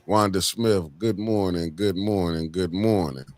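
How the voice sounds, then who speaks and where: A deep-voiced man hosts a casual livestream chat. He talks in loose slang and greets his viewers one by one by name. His tone stays low and easygoing. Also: unhurried, darkish tone, no room sound. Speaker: livestream host.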